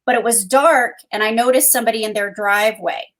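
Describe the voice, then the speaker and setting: A woman's voice: a little high, a little fast. A woman co-host telling a personal story in conversation, earnest, with frequent ums. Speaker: co-host and guest.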